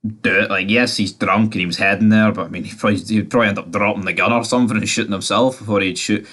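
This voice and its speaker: A man's voice: fairly low pitch, fairly even intonation, quick pace, a bit bright. Chatty man recapping TV. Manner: chatty, swearing, filler-heavy storytelling. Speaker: TV series reviewer. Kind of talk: casual episode recap and review.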